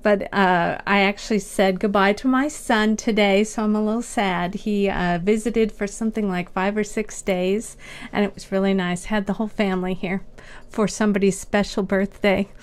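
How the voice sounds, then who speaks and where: A woman's voice: mid-range voice, steady tone, normal speed, hardly any pauses. A middle-aged woman co-hosting a business talk show, chatting casually and laughing often. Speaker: podcast co-host. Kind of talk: casual chat.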